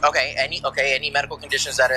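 A man's voice: medium pitch, flat delivery, racing, noisy background. A police officer, a man, giving patient, repetitive sobriety test instructions at the roadside at night.

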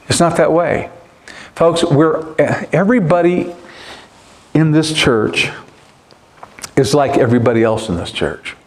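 Emphatic preaching man, slightly high voice. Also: measured pace, long pauses. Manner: earnest, emphatic preaching with insistent repetition. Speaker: pastor. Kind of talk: sermon. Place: church.

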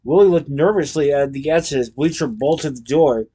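A man narrating a children's storybook aloud in a lively, expressive way. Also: a little high, moderate pace, slightly rough. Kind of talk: storybook reading.

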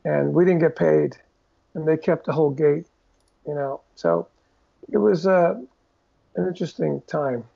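An older man, telling animated stories in a casual interview and acting out the voices of the people in them. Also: on the high side, a little slow, gravelly, pauses often, dull audio. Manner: animated storyteller who acts out quoted voices. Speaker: guest drummer telling stories.

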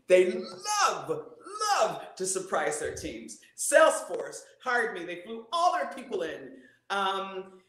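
An animated woman voice coach who talks as a guest on a live-streamed interview, playful and showing points with her own voice. Her pitch leaps high and drops low all the time. The room around her rings with echo.

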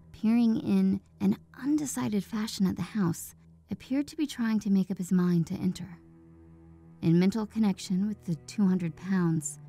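A woman narrating a dark classic short story in a steady, measured storytelling voice. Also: medium pitch.

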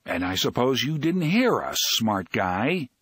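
A male narrator playing a weary, grim middle-aged airline captain who talks in a gruff, sarcastic way in an audiobook. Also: medium pitch, big pitch swings, measured pace, a bit bright, no echo, clean studio sound, full character voice.

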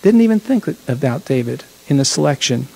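A man's voice: medium pitch, sing-song, a little fast, vocal fry, mellow, poor audio. A man leading a congregation in a chatty, reflective sermon, often correcting himself mid-phrase. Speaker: congregation leader.

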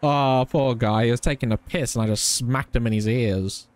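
A man giving loud, joking live commentary as he plays a game, swearing and teasing his chat. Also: mid-range voice, moderate pace, a little hiss or hum. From Australia. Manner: excitable, swears freely, teasing banter with chat. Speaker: streamer.

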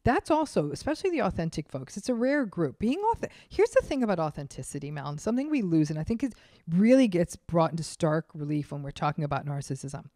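Woman, psychologist guest, emphatic, mellow tone, dry close sound. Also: sits low, very animated, fast, dry recording. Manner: emphatic, acts out quoted speech. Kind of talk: podcast interview.

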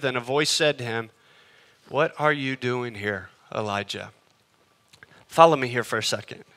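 Bright, high-voiced male preacher. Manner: emphatic, swings between loud and hushed. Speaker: pastor. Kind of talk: sermon.

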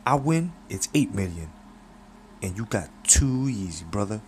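A man voicing a smooth-talking, cocky male hustler with a high, slangy street voice and a swaggering manner. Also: big pitch swings, a little slow, a little mellow, slight background noise.

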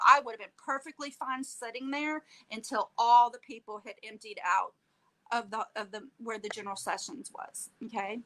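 Animated woman retelling an ordeal. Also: on the high side, poor audio. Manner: animated, acts out quoted dialogue, tags lines with "okay?". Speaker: guest telling her story. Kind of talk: emotional personal storytelling.

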